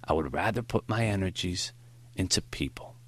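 A man voicing a frail, gentle old male professor in an audiobook, with a foggy, high-pitched voice and slow, earnest speech. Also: lively intonation, breathy edge. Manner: slow, warm, earnest counsel. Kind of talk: audiobook character voice.

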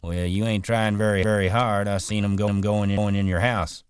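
A man's voice: on the low side, little pitch movement, fairly quick, smooth, no room sound, pitched above the performer's own voice, natural voice. A man doing a teasing, drawling ranch hand.

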